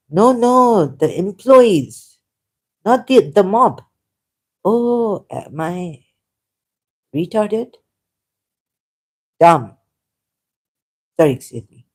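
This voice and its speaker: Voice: mid-range voice, big pitch swings, slow, pauses often, darkish tone. A vlogger, not a native English speaker, reading an article aloud with rambling commentary, hesitant and self-correcting with frequent small laughs, sore from a recent cough. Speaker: ex-Muslim vlogger.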